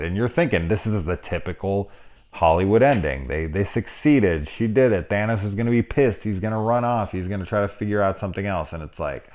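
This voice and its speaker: A man's voice: low-pitched, brisk, darkish tone. A man in his forties giving a casual, rambling film review, swearing freely and laughing at his own jokes. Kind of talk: casual spoilery movie discussion.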